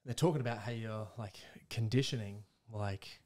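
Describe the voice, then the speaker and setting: A man hosting a podcast in casual interview chat; he is relaxed and chatty and often says "dude" and "like". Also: fairly low pitch, moderate pace. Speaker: podcast host.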